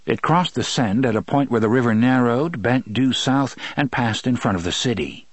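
A man reading a novel aloud in steady, measured storytelling narration. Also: mid-range voice, no room sound. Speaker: audiobook narrator. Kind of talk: scripted narration.

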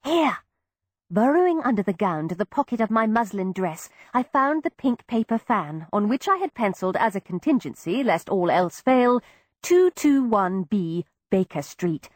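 A woman giving expressive first-person narration of an audiobook, voicing each character. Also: mid-range voice, normal speed, dry recording, clean studio sound.

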